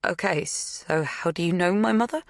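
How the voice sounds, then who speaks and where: A woman voicing a shaken, confused young woman who answers in tense, halting lines in an audiobook. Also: on the low side, creaky, no room sound, studio quality, pitched above the performer's own voice. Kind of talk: audiobook dialogue.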